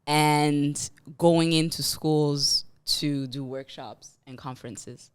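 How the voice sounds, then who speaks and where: A woman with a very low, smooth voice hosts a podcast conversation. She speaks slowly and puts short, encouraging remarks and questions to her guests. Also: steady tone. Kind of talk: casual chat.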